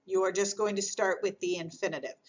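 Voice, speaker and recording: A woman explaining grammar in a recorded lesson, patient and clear, repeating key points as she goes. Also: mid-range voice, fairly even intonation, fairly quick, muffled recording. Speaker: French teacher.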